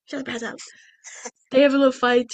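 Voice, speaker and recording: A woman's voice: high-pitched, flat delivery, fast talker, no room sound, highs cut off. A woman co-hosting a podcast, recapping a movie in a rambling, chatty way full of restarts. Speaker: podcast co-host. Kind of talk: casual movie recap chat.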